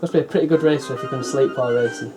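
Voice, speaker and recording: A man's voice: mid-range voice, racing, music in the background. A man giving casual running commentary while setting up and playing old PC games, with wry, chatty asides. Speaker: retro PC builder and player.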